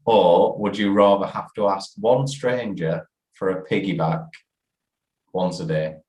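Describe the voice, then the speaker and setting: A man's voice: sits low, measured pace, a little mellow. A man hosting a casual podcast, laughing easily and posing questions. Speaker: podcast host. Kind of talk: casual chat. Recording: echoey room.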